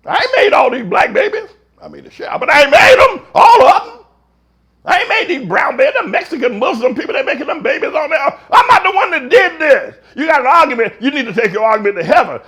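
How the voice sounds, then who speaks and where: A pastor in a heated, folksy preaching rant, swinging from shouts down to mutters. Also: male voice, extremely high pitch, very animated, a little fast. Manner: folksy, slangy.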